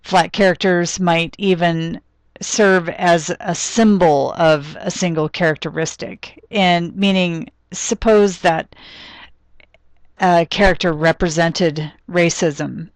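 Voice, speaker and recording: Woman lecturer, low voice, dry sound, explanatory with ums and restarts. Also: steady tone, slow pace, dry recording. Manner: explanatory, thinks aloud with frequent ums and restarts. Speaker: literature lecturer. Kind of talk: recorded classroom lecture.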